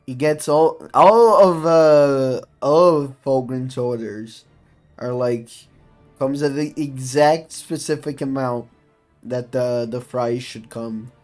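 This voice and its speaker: A man on a livestream call chatting casually, joking in a hesitant, drawn-out way. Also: medium pitch, a little mellow, soft background music.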